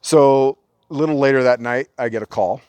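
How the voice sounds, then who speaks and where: A man's voice: medium pitch, normal speed, clean tone, dry recording. Swearing man telling a wild story. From Orange County, California. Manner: animated, profane anecdote telling. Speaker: podcast guest. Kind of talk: casual storytelling.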